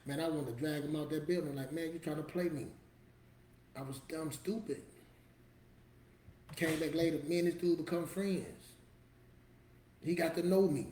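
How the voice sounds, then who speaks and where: A man's voice: a little high, fairly even intonation, normal speed, pauses often, warm tone, reverberant, a little hiss or hum. A man giving a motivational talk to camera in a preachy, emphatic, street-casual storytelling manner. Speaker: motivational vlogger.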